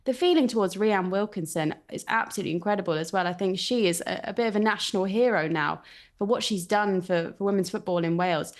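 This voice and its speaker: A woman talking football as a pundit, earnest and measured. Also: mid-range voice. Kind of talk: casual football chat.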